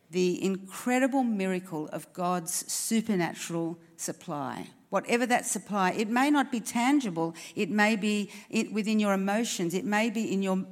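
A woman preaches to a church congregation in an earnest, encouraging tone. She leans on rhetorical questions and direct appeals to her listeners. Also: mid-range voice. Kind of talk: sermon. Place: church service.

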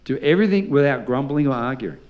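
A man's voice: medium pitch, expressive, fast talker, highs cut off. A male pastor preaching a sermon, telling stories with humor and leading the congregation in call-and-response.

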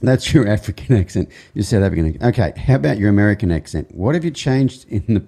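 A man's voice: on the low side, animated, fast talker, creaky, mellow, breathy edge. A man hosting a podcast, joking and giggling as he asks his guest questions. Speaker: podcast host. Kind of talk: casual interview chat.

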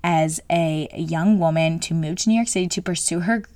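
A woman's voice: fairly low pitch, normal speed, warm tone, no echo. Chatty woman in her twenties, dry close sound. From New Jersey. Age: 20s. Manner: chatty, frank, jokey with lots of fillers. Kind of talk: casual solo chat.

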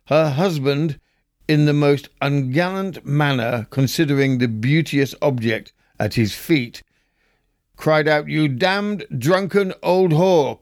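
A man hosting a podcast, reading old newspaper stories aloud with a measured, wry storytelling delivery. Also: mid-range voice, no room sound, studio quality. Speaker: podcast host.

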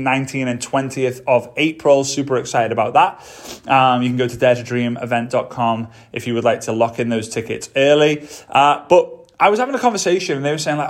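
A man hosting a solo podcast, talking casually and enthusiastically straight to his listeners. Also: a little high. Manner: upbeat, chatty, enthusiastic, addresses listeners directly. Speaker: podcast host.

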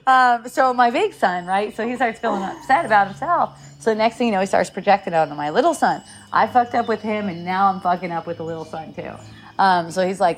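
A woman's voice: medium pitch, a little fast. A middle-aged woman telling a story about her sons in a casual chat, laughing often and rambling with many restarts.

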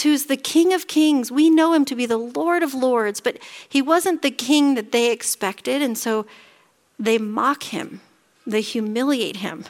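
Earnest woman preaching a slow sermon. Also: fairly high pitch. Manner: earnest, slows down and softens on solemn moments. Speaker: pastor.

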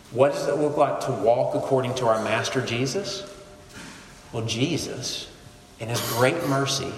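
Male preacher, lively conversational sermon, sudden quiet drops, roomy reverberant hall. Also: medium pitch. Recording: echoey hall, faint room noise.

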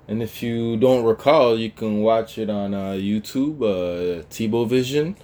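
In casual chat on a talk show he co-hosts like a podcast, a man speaks in a lowish, mellow voice, a little slowly, rambling loosely with lots of fillers and restarts.

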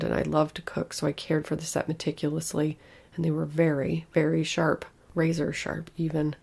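A woman reads a first-person horror story aloud in a steady voice. Her tone is gravelly with a noticeable fry. Her pitch stays flat and even, and she keeps the telling controlled. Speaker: narrator.

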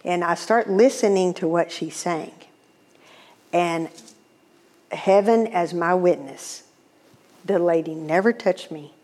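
A woman telling a personal testimony in an animated, exclamatory, humorous way. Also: lowish voice, takes it slowly, pauses often. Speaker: speaker. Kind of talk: testimony storytelling.

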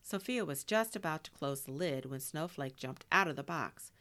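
A woman reading a children's storybook aloud, expressive and dropping in Spanish words. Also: low voice, moderate pace.

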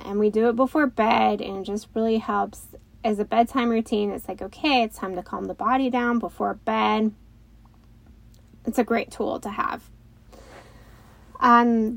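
A woman in her thirties, a mother and host, talking gently and reflectively in a casual way, with many fillers. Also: a little high, creaky, rough recording. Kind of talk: casual talk.

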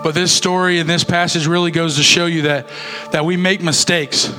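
A young man gives a youth sermon in an easygoing, conversational way, stumbling over a word here and there. His voice sits a little high and sounds bright and forward. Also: little pitch movement, normal speed, soft background music. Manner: casual, conversational preaching with fillers. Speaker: youth pastor.

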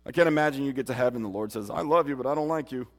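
A man's voice: mid-range voice, rapid-fire. A man preaching a sermon and giving his testimony, earnest and emphatic, speaking straight to his listeners. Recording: long hall reverb.

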